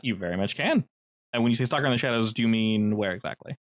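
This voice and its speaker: A man's voice: fairly low pitch, quick pace. A man running a tabletop game as game master, describing scenes in a loose, descriptive way with restarts.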